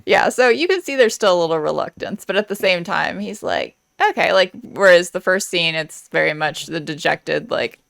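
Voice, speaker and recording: Gravelly-voiced woman chatting on a podcast. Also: on the low side, normal speed, hardly any pauses, a bit bright, dry recording, clean studio sound. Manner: chatty, lots of fillers, laughs easily. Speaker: podcast guest. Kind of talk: casual chat.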